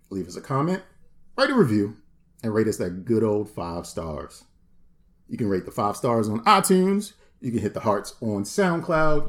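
A man in his forties co-hosting a podcast, joking and rambling in a playful, casual way. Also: mid-range voice. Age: 40s. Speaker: podcast co-host.

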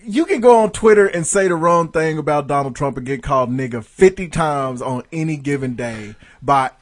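A man's voice: on the high side, expressive, moderate pace. A man co-hosting a casual podcast, tossing in dry, profane wisecracks. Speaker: podcast co-host. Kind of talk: casual chat.

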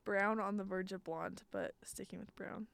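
A woman's voice: mid-range voice, steady tone, normal speed, gravelly, a bit bright. A young woman chatting casually on a podcast, rambling with many fillers and giggling often. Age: young adult. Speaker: podcast guest. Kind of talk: casual chat.

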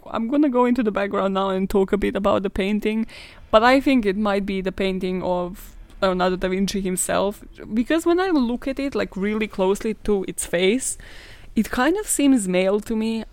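A woman's voice: mid-range voice, darkish tone, dry recording. A young woman hosting a casual storytelling podcast, joking and swearing a lot as she talks. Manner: swears a lot, jokey and chatty. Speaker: podcast host.

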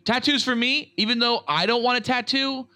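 A man's voice: very high-pitched, moderate pace, sharp tone. A young man co-hosting a comedy podcast, joking around in a playful, crude way. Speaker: podcast co-host. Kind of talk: casual comedic chat.

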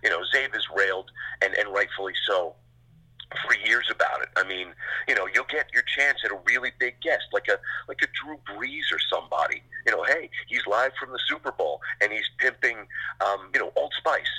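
A middle-aged man, a sports radio host, chatting casually in an interview, rambling through animated stories with quick asides. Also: on the low side, husky, low-quality recording.

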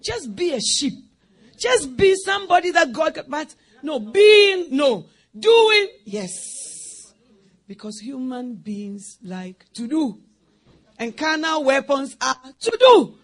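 A woman preaching a sermon, acting out scenes and swinging between loud outbursts and hushed whispers, often laughing as she speaks. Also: high-pitched, sing-song, slow pace.

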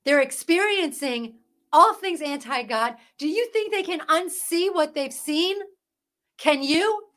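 High-voiced woman preaching emphatically. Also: animated, slow, a bit bright. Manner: emphatic, preachy, fires rhetorical questions; parent. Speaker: podcast host. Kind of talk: impassioned Christian commentary.

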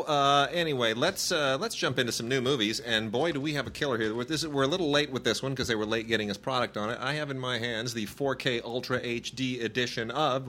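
A man's voice: medium pitch, pushed and bright. A man in his thirties, a podcast co-host, chatting casually about movies and rambling with many restarts. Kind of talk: casual chat reviewing movies.

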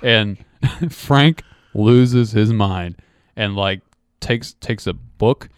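A man's voice: lowish voice, drawn-out words, clear, resonant tone, no room sound, studio quality. A man co-hosting a podcast who tells a rambling, laugh-filled story in casual chat. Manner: rambling, laughs often, many restarts. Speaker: podcast co-host.

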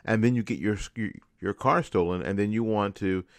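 Deep-voiced man ranting angrily. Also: moderate pace, no echo. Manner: angry, ranting, repetitive. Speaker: radio host. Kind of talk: political commentary monologue.

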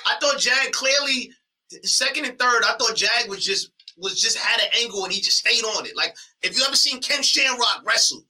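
A man co-hosting a casual battle rap podcast, animated and often yelling in mock disbelief, speaking. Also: extremely high pitch, normal speed, far from the mic, poor audio. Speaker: podcast co-host.

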